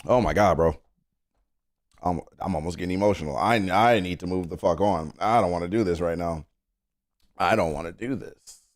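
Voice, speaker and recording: Deep-voiced man chatting on a live stream. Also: normal speed, no room sound, clean studio sound. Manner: earnest, rambling, stammering restarts, swears freely. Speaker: music reaction streamer. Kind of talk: casual live-stream chat.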